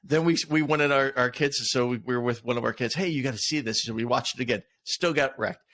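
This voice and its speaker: A middle-aged man co-hosting a casual podcast chat, affirming his partner, adding quick quips and chuckling often. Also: medium pitch, steady tone, fairly bright tone. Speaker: podcast co-host.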